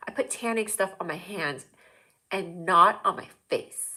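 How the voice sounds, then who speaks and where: A woman's voice: medium pitch, expressive, moderate pace, pushed and bright. A woman hosting a livestream show, chatting in a rambling, jokey way straight to her viewers. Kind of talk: casual livestream chat.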